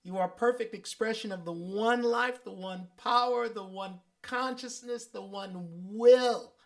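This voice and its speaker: A man's voice: high voice, a little slow. A man hosting his weekly livestream, affirming viewers and reading their comments aloud. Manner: sings and hums playfully. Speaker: host and musician. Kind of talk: livestream sign-off chat.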